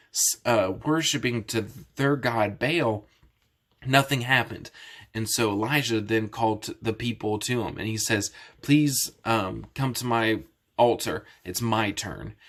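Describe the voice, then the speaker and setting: A man's voice: lowish voice, fairly bright tone. Casual man retelling a Bible story. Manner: casual and explanatory, with many restarts. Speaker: Bible teacher. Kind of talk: Bible story lesson for kids.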